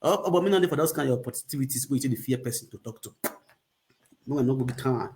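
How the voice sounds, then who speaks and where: A man's voice: medium pitch, expressive, fast talker, darkish tone, a little hiss or hum. A man with a Nigerian accent hosting a casual livestream chat, rambling, repeating catchphrases and laughing often. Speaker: livestream host.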